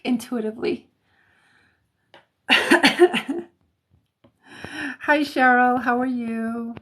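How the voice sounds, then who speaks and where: A high-voiced woman from Colorado hosts a casual live stream, greeting viewers one by one. She talks slowly, laughs often and trips over her words with ums and restarts, speaking into a phone or webcam mic indoors. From Colorado, United States. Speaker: intuitive reader, live stream host.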